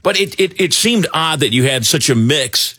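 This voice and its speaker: A middle-aged man hosting talk radio, rambling and animated with lots of fillers. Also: a little high, normal speed, husky, dry recording, studio quality. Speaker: radio talk show host. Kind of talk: casual talk radio banter.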